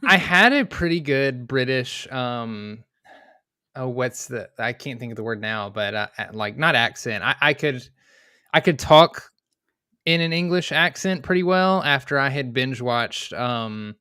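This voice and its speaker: A man's voice: medium pitch, animated, unhurried, pushed and bright, clean tone, dry recording, studio quality. A man guesting on a casual online show, self-deprecating and chatty. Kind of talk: casual chat on video call.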